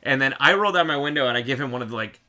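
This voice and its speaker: A man hosting a podcast, chatting casually and telling lively stories. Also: medium pitch, racing. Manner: animated storyteller, shouts in re-enactments. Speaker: podcast host. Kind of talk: casual chat.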